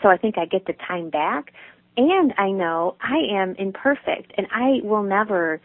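A woman's voice: mid-range voice, lively intonation, unhurried, no room sound. A woman guest talks reflectively and openly about her daily habits, laughing easily as she goes. She sounds close and dry, squeezed through a tinny phone line. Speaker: guest author. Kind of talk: casual interview chat.

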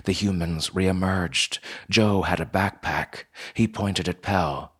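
Male narrator, deep and husky, measured unhurried read. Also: steady tone, fairly bright tone. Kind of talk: scripted narration.

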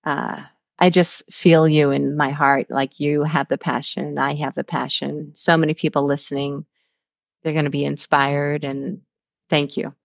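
A woman's voice: low-pitched, little pitch movement, a little slow, gravelly, no echo, lo-fi sound. A woman hosting a podcast, talking in an enthusiastic, encouraging way as she wraps up an interview. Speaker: podcast host.

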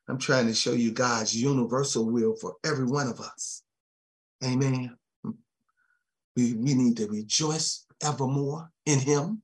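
A man preaching a sermon, chuckling often and dropping amens and soft thanks to Jesus between his points. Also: medium pitch, unhurried.

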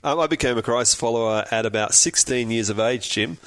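A man from Australia with an Australian accent, a guest telling his story in a relaxed, dryly humorous way. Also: mid-range voice, brisk, clean tone. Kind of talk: casual interview.

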